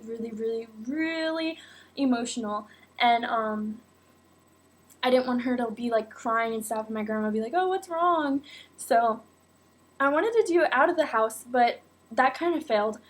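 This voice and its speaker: High-voiced young woman telling a story. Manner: animated, acts out quotes, many fillers like "like" and "oh my God". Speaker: vlogger. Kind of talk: casual personal storytelling.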